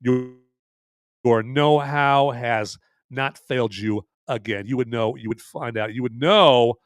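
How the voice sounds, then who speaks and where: A man's voice: mid-range voice, takes it slowly, clean tone, no echo. A man hosting a live movie podcast, chatting casually in a rambling, jokey way. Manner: rambling and jokey, tacks on "right there". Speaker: podcast host.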